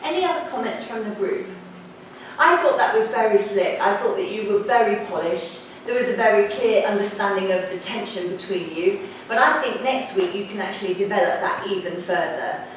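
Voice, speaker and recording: A woman runs a drama class and gives brisk, practical notes to her students. She is picked up from some distance in a very echoey classroom, with a faint hiss of noise underneath. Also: mid-range voice. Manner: brisk and directive, quick instructions. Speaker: drama teacher. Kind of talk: classroom feedback session.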